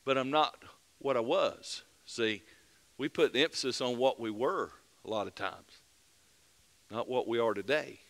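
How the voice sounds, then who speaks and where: A man preaching a fervent mid-week sermon as pastor, building to loud emphatic peaks and dropping back to earnest plain talk. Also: medium pitch, unhurried, creaky. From United States.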